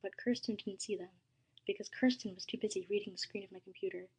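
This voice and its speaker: A woman narrating a first-person story in a soft, dramatic reading voice that drops to a hush at times. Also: mid-range voice, steady tone, fast, rough recording.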